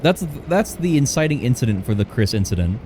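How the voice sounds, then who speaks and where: A man's voice: mid-range voice, very animated, a little fast, mellow, a little hiss or hum. Young man rambling through a story. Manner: rambling, restarts and corrects himself. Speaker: livestreamer. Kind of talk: casual storytelling.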